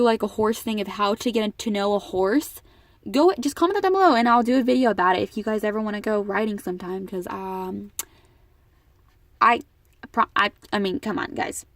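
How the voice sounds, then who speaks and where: A woman's voice: fairly high pitch, no echo. Emotional teen girl vlogger, dry sound. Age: teens. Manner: emotional, rambling, frequent restarts. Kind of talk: casual storytelling vlog.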